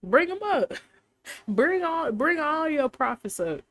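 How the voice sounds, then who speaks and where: Woman putting on a mocking male prophet, taunting, high and loud. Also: sing-song, slow pace, exaggerated voice.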